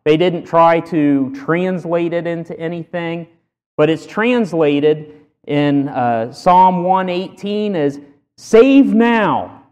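Emphatic preacher in a reverberant hall. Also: male voice, on the high side, clear, resonant tone. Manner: earnest, emphatic preaching with sudden loud stresses and pauses. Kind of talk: sermon. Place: church sanctuary.

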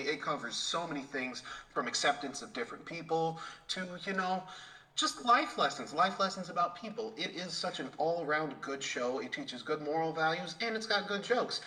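A man's voice: fairly high pitch, bright, forceful tone, poor audio. A man co-hosting a podcast, ranting in an enthusiastic, swearing way and tripping over repeated words. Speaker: podcast co-host. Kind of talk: casual podcast rant.

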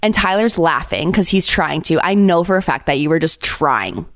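A young adult woman hosting a podcast, telling a story in casual chat, animated and blunt, swearing freely. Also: deep voice, normal speed, no echo, clean studio sound. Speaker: podcast host.

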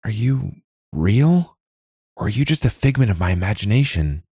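Male reader doing a bewildered young girl, lifted high, breathless and searching, storybook read dry. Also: animated, a little slow, mellow, breathy edge, no room sound, full character voice. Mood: wondering. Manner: breathless, questioning, raised voice. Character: young woman, confused captive girl.

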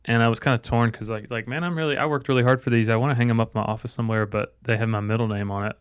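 A man's voice: mid-range voice, racing, smooth, dry recording. Podcast co-host: middle-aged man, chatty storyteller with dry close sound. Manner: joking, animated storyteller. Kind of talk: casual chat.

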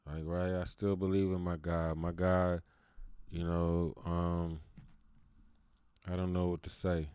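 Low-voiced man venting in a loose ramble. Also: flat delivery, slow, pauses often, warm tone, smooth, dry recording, clean studio sound. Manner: venting, loose and repetitive, full of "you know" fillers. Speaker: show host. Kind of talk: casual rambling monologue.

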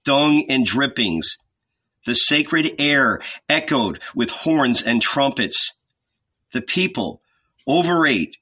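A man reading a novel aloud, slow and measured, with a bright but husky tone. He pauses often between phrases, and the recording sounds dull and lo-fi. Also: medium pitch. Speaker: audiobook reader. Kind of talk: scripted literary narration.

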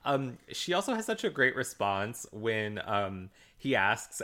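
A man with a bright voice speaks slowly in a casual podcast chat about an episode. His pitch moves a lot and he sounds amused, laughing often between points. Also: very animated. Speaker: podcast co-host.

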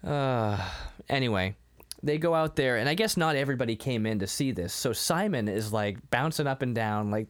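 A man's voice: mid-range voice, lively intonation, normal speed, smooth. A man co-hosting a podcast in casual chat, who laughs often and acts out the lines of the people he talks about. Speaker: podcast co-host.

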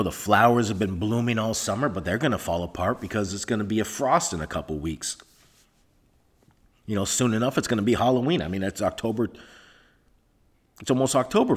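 The host of this solo podcast has a fairly low, slightly rough voice. Recording through a microphone into a laptop in a soundproofed room, he rambles on sarcastically and swears.

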